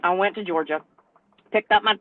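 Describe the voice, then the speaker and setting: A woman, a truck driver telling an exasperated, animated story on a podcast panel. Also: lowish voice, brisk, dry recording. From North Carolina, US. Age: 60s. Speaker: truck driver and owner operator, panel guest. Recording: tinny phone-like line, dry.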